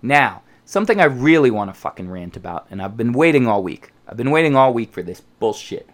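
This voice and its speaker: A man's voice: medium pitch, a little fast. A man hosting a football podcast, ranting casually and profanely, sometimes mocking how other people talk. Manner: profane, animated, mocks others' voices. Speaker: podcast host.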